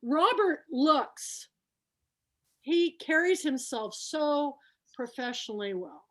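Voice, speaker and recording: A middle-aged woman hosting an online book club, telling anecdotes in an animated way and laughing often. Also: high voice, takes it slowly. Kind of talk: casual storytelling on an online show.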